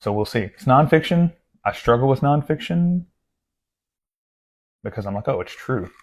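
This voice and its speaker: A man's voice: medium pitch, expressive, moderate pace, a little hiss or hum. Rambling man chatting about a book haul. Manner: rambling, self-deprecating, talks in asides and restarts. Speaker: book vlogger.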